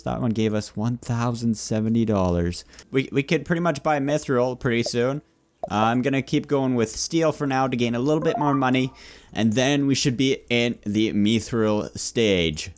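A young man giving playful let's play commentary, chatting with game customers like a shopkeeper. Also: mid-range voice. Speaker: gaming YouTuber.

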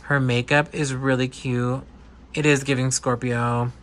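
A man chatting casually and gushing while unboxing a doll, with quick excited asides. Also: medium pitch, a little hiss or hum. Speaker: doll collector vlogger. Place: indoor room with air conditioner hum.

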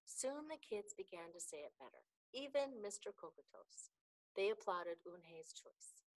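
A woman reading a children's picture book aloud for a youth book club, clear, careful and expressive. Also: medium pitch, unhurried, low-quality recording. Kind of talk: children's storybook read-aloud.

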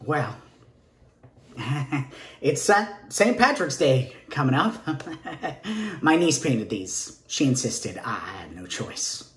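A man's voice: medium pitch, very animated, slow pace, pauses often, roomy sound. An actor playing a nervous gay man interviewing for a teaching job, rambling and stammering in a Southern accent, sometimes dropping to a whisper. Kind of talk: comic stage monologue.

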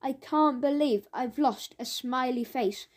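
Woman reading as a sincere, well-behaved schoolgirl in a children's audiobook, high voice. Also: unhurried. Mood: earnest.

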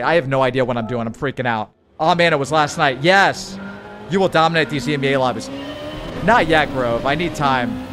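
A man's voice: on the high side, slight background noise. A man hurriedly commenting on a live racing game stream and chatting with his viewers. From United States. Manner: hurried, excitable, chats with viewers.

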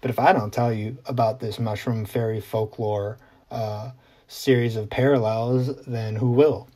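Mellow-voiced chatty male vlog host. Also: medium pitch, steady tone, a little slow. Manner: chatty and conversational, with frequent ums and asides. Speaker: journalist host. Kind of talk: casual explainer vlog.

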